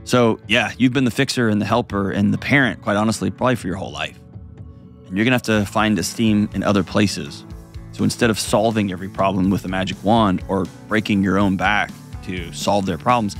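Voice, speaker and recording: A man's voice: on the low side, brisk, fairly bright tone, faint music behind. A man hosting a call-in advice show, blunt and emphatic, repeating phrases for weight. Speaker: host giving advice to a caller.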